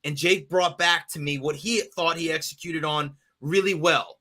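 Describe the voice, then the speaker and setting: A man co-hosting a podcast in casual chat, animated, with lots of fillers and laughter. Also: fairly high pitch, moderate pace. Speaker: podcast co-host.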